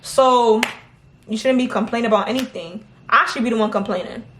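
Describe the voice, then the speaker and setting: Animated woman telling a story, echoey room. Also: fairly high pitch, fairly quick, a little hiss or hum. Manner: animated, laughing, mimics others' replies. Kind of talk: casual storytime chat.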